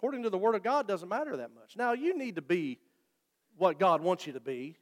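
The pastor's voice is high and lively, and he talks briskly through his sermon in a church sanctuary. He keeps it conversational and jokes with the congregation, with a long reverb from the hall.

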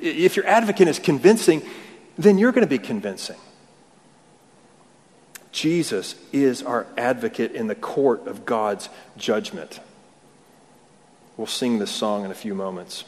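Man preaching in an echoing hall. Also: medium pitch. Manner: conversational, rhetorical questions, repeats words. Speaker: pastor. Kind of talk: sermon. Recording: long hall reverb.

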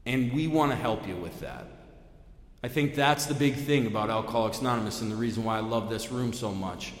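A man speaks at a recovery meeting, telling his own story in a loose, conversational way with plenty of "you know" and "like." His voice sits mid-range and leaps up when he gets excited. The sound is roomy with a long hall reverb. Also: fairly quick. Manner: lively storytelling with big pitch swings, many fillers. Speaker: AA main speaker. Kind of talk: personal recovery talk at a meeting. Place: meeting room.

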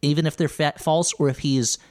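A man's voice: a little high, steady tone, brisk. Man, podcast co-host, the history explainer, chatty and thoughtful. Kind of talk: casual chat.

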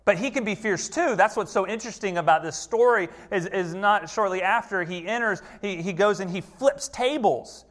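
A pastor delivering a casual, storytelling sermon in a somewhat high male voice. He repeats key words for emphasis and piles up rhetorical questions, then softens into a quiet, unhurried tone. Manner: drops to a hushed, slow voice for tender moments. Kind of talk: conversational sermon.

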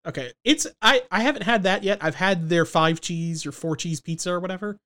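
A man's voice: sits high, brisk, pushed and bright. A man co-hosting a podcast in casual, joking chat, laughing often and restarting his sentences. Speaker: podcast co-host.

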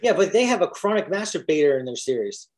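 A man's voice: on the high side, sing-song, quick pace, a little mellow. A man hosting a podcast, chatting casually and cutting in with jokes. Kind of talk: casual chat.

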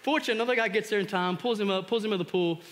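A man preaching a sermon as pastor, telling stories animatedly and shouting out re-enactments. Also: high-pitched, rapid-fire. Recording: long hall reverb.

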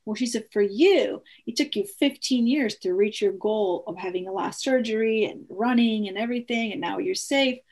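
A woman telling a personal story in an earnest, animated way, acting out the dialogue with frequent restarts. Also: mid-range voice, normal speed, hardly any pauses.

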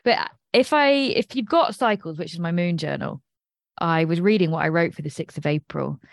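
A woman's voice: lowish voice, moderate pace, creaky, dry recording, studio quality. An English woman hosting an astrology podcast, talking in a chatty, digressive way and laughing at herself. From England. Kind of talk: casual rambling monologue.

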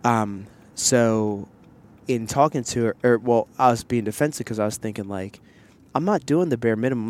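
A man's voice: medium pitch, darkish tone, no room sound. Candid rambling man on a headset mic. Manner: candid, rambling storytelling with many fillers and asides. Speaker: podcast host. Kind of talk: casual chat. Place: outdoors in public, wearing headsets.

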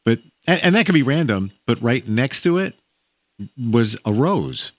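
A man hosting an interview, telling his own stories in a chatty, lively way. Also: medium pitch, a little slow. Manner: chatty, lively storytelling with laughs. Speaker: interview host. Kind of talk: casual interview talk.

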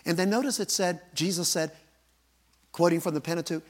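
A male preacher telling a story in a sermon, with a dramatic manner that swings from booming lines to hushed ones. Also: fairly quick.

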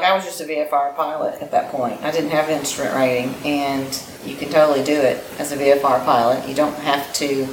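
Low-voiced woman telling a flying story. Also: a little hiss or hum. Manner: animated, laughs often, many fillers. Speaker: guest pilot. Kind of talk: casual interview storytelling. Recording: echoey room with faint ambience.

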